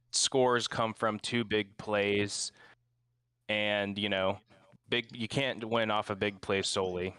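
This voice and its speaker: Flat, bright-voiced male coach. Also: on the low side, clean tone, no echo. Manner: slow, measured, halting. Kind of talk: casual chat.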